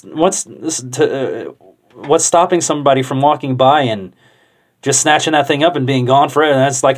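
A young man talking casually to the camera, rambling and thinking out loud with loose swearing. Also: medium pitch. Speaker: vlogger.

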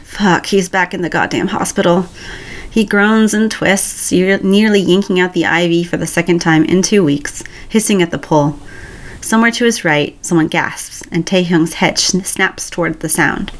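A woman reading a romance story aloud in a calm, even storytelling voice. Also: lowish voice. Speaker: story reader. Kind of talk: reading fan fiction aloud.

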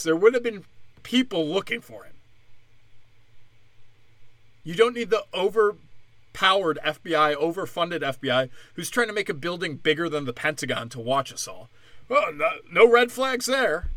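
A man's voice: a little high, fairly bright tone, no room sound. A man ranting in heated, profane commentary as a podcast host, mocking the people he argues against.

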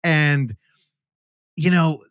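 This is casual movie-review talk from a podcast co-host, a man who swears freely, stays animated, and acts out scenes in silly put-on voices. His pitch is on the high side and his delivery extremely slow, captured as a dry, clean studio recording.

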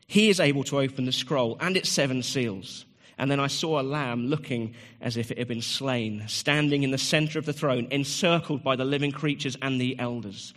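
A man preaching a sermon as pastor, rising loud and lively when he reads scripture and dropping quiet for personal asides. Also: mid-range voice, normal speed. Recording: echoey church hall.

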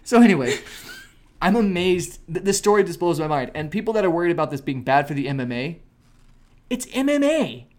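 Animated joking male podcast co-host. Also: on the high side, quick pace. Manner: animated, jokey storytelling with acted quotes. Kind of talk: casual chat.

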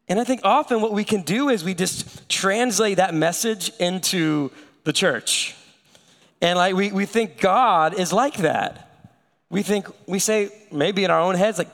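A man preaches a sermon in a relaxed, conversational way, telling stories with animation. His voice sits fairly high and rings out with a long church reverb. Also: normal speed. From United States. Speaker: pastor.

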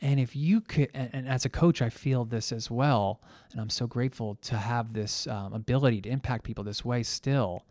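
Speaking at a moderate pace with hardly any pauses, a middle-aged podcast host and coach reflects alone in a mid-range, slightly mellow voice. The studio-quality recording has no room sound, and his earnest, mildly emotional talk is dotted with fillers and restarts.

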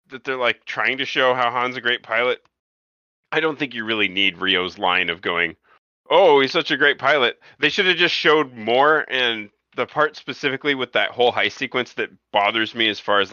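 A man's voice: medium pitch, bright, forceful tone, no room sound. Opinionated man, dull lo-fi podcast. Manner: hesitant, repeats words, opinionated. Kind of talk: casual film discussion. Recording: dull lo-fi sound.

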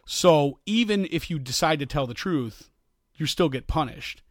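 This podcast co-host speaks a bit slowly over clean studio audio with no room sound. Relaxed and animated, he works through a lengthy story, voicing each quote in a higher pitch as he acts it out.

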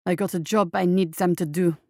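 A man's voice: sits high, steady tone, brisk, dark tone, no room sound, clean studio sound. Woman voicing a terse, guarded mercenary man. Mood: matter-of-fact. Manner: curt, clipped replies.

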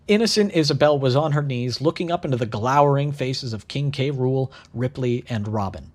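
A man in his thirties telling a crude comedic story in a deadpan voice, tossing in sarcastic asides. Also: medium pitch, a little fast, hardly any pauses. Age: 30s. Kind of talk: comedic narrated monologue.

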